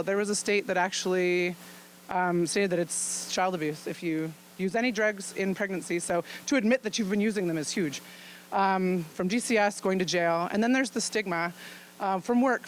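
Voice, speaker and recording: Woman doctor, informal talk, frank, chatty, laughs often, mid-pitched voice, faint hum behind. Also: low-quality recording. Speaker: physician presenting at a luncheon. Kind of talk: informal presentation to an audience.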